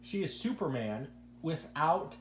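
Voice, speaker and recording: An unhurried, expressive man with a fairly high voice hosts a casual podcast from an echoey room with a faint hum. His opinions ramble, and he tends to repeat words as he launches into each sentence.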